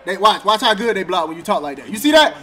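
A man's voice: sits high, quick pace. A man streaming a football video game, trash-talking and laughing. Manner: animated trash talk, laughing, slang. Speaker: gaming streamer. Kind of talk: casual game commentary.

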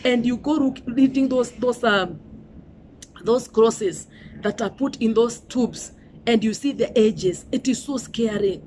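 A middle-aged Kenyan woman delivers a sermon in a fairly high voice. She preaches emphatically and repeats herself, with "you know" and "Hallelujah" running through her speech. A faint hum of ambience sits behind her. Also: measured pace, darkish tone.

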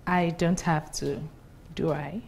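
A woman's voice: low-pitched, steady tone, slow, creaky, a little mellow, slight background noise, full character voice. A woman playing a businesswoman who mocks marriage in a sardonic way. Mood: mocking. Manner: mocking, sardonic. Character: young businesswoman, scornful of marriage. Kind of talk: film acting.

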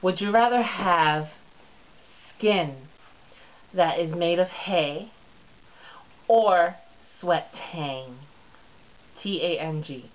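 A man's voice: sits high, drawn-out words, long pauses. A man hosting his own comedy vlog show, sassy and crude, with lots of swearing. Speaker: show host. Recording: lo-fi dull recording.

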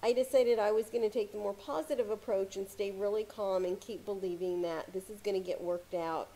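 Woman, motivational coach, casual talk to camera, calm, filler-heavy, mellow voice. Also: mid-range voice, a little fast. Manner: calm, conversational, many "you know" fillers.

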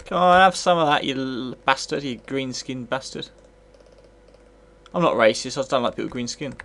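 A man's voice: mid-range voice, moderate pace, vocal fry. A tipsy man commentating live as he plays and reviews an old computer game, swearing freely and rambling. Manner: sweary, rambling, bursts into excited yells.

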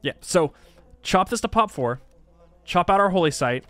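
A man's voice: high voice, expressive, moderate pace, pushed and bright, dry recording, soft background music. A man commentating his strategy game, thinking aloud and exasperated at setbacks. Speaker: gaming YouTuber. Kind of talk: let's play commentary.

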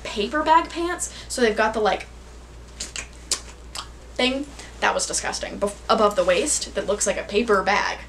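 A woman's voice: fairly high pitch, a bit bright, slight background noise. A young woman chatting casually in a clothing haul vlog, bubbly and rambling, teasing herself and saying "like" constantly. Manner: bubbly, rambling, self-teasing, heavy use of "like". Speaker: vlogger.

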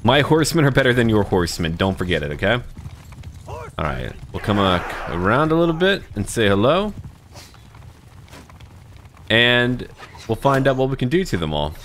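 Low voiced guy doing let's-play commentary, swings up and down a lot, chatty, thinks out loud. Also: animated, normal speed, pauses often, a little hiss or hum. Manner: thinks aloud, chatty, talks to his troops. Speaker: gaming YouTuber.

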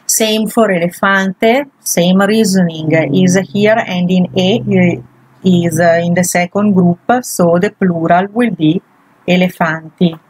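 A woman's voice: on the low side, fairly even intonation, slow pace, darkish tone, no echo, poor audio. A woman, a language teacher, patiently walking through grammar exercises one example at a time. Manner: patient, walks through each example step by step.

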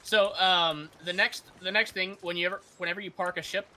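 A man in casual game chat, patiently explaining and giving calm commands to a teammate. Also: high-pitched, a little fast. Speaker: experienced teammate guiding a new player.

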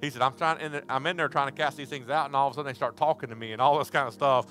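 Male preacher, folksy storyteller given to shouts, bright forceful voice. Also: medium pitch, steady tone, racing, soft background music. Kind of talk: sermon. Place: church service.

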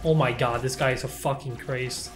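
A man's voice: mid-range voice, steady tone, moderate pace, music in the background. A young man commentating his first playthrough of a shooter game, jumpy and swearing often, yelping when startled. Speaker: gameplay streamer.

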